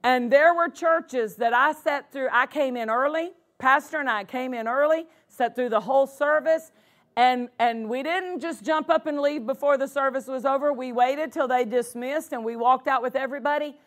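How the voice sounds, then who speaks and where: A woman's voice: high voice, moderate pace, fairly bright tone. A woman pastor preaching a sermon in a church, punctuating her points with exclamations of praise. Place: church sanctuary.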